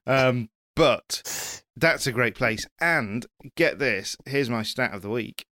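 A man's voice: mid-range voice, animated, slow pace, sharp tone, dry recording. Man, podcast host, casual panel chat, self-deprecating, mid-range voice, dry room. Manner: self-deprecating, rambling with restarts.

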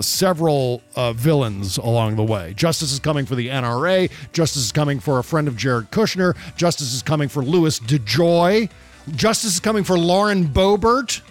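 A man co-hosting a political podcast in casual chat, talking loosely with profanity and quick laughs. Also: fairly high pitch, expressive, soft background music. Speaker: podcast co-host.

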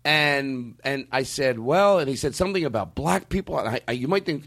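Animated profane man, lively pitch. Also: brisk, gravelly. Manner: animated, profane, repeats and restarts. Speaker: podcast host. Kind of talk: casual podcast conversation.

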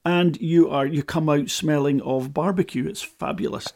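A man's voice: a little high, fairly even intonation, moderate pace, darkish tone. A man co-hosting a casual chat, speaking hesitantly and repeating his words. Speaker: podcast co-host.

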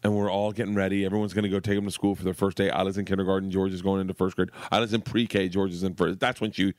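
A middle-aged man on a podcast, low-pitched, spinning animated family stories and cursing freely. His voice sits close and dry on the mic, with no room sound around it. He jumps into his daughters' voices mid-story. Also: rapid-fire, dry recording. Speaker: comedian guest. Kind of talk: casual storytelling.

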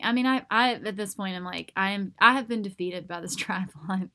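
A woman hosting a podcast, telling a self-mocking story in a casual, animated way and acting out the voices of people she quotes. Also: mid-range voice, brisk, hardly any pauses. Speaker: podcast host.

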